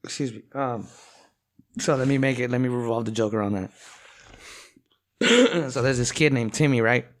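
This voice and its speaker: A man's voice: mid-range voice, normal speed, pauses often. A man telling a long profane joke in casual chat, rambling and full of fillers. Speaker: rapper.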